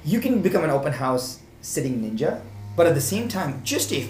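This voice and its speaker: A man hosting a casual conversation, animated and acting out the exchanges he quotes. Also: a little high, brisk, soft background music. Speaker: podcast host. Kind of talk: casual chat. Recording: echoey room with faint background noise.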